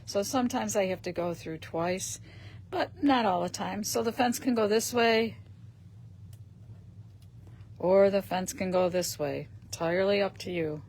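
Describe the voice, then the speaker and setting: A woman talking slowly and casually while she demonstrates a craft, her voice gravelly with plenty of fry. She thinks aloud and clears her throat often. A faint hiss of noise sits under the recording. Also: medium pitch, darkish tone. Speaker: host of a craft shop live stream. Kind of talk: casual demonstration on a live stream.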